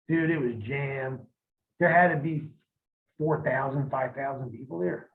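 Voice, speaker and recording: A man's voice: mid-range voice, steady tone, a little slow, creaky. Foul-mouthed man telling road stories. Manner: profane, rambling anecdotes. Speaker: interview guest, former pro wrestler. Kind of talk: casual storytelling. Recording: tinny phone-like line.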